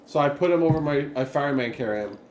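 A man's voice: on the high side, fast. A man playing a tabletop game, talking casually and brashly, swearing and calling out bold moves. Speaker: player. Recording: roomy echo, light background noise.

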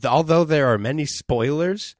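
A man's voice: fairly high pitch, normal speed, dry recording, studio quality. A man co-hosting a podcast in a casual, joking chat, riffing and swearing freely. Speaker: podcast co-host. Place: podcast studio.

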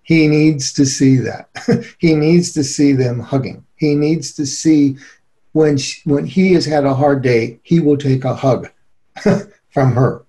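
A middle-aged man speaks as an interview guest with an earnest, animated manner. His voice carries a gravelly fry and a warm, mellow colour, set slightly higher than most men. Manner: earnest, animated, quick to laugh. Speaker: guest expert on relationships. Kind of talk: conversational interview.

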